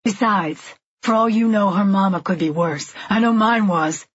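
A tough, blunt woman , played by a female reader, talks in a low, guttural, husky voice. She sounds weary but firm. It is heard in dry, slightly dull audio. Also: moderate pace, no echo, close to an everyday voice.

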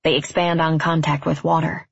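Low gravelly woman reading a story. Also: little pitch movement, moderate pace, no echo, muffled recording. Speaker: narrator. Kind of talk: first-person story reading.

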